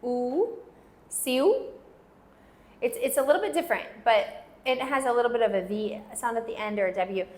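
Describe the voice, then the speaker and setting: A woman teaching a language lesson, patiently repeating words slowly so learners can follow. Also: a little high, a little mellow. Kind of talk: slow pronunciation lesson.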